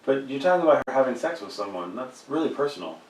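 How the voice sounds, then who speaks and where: A man's voice: medium pitch, very animated, fast. Man, podcast co-host, playful jokey banter, echoey room, mic set back. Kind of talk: casual comedic podcast banter. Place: indoor recording room. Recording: roomy room, mic at a distance.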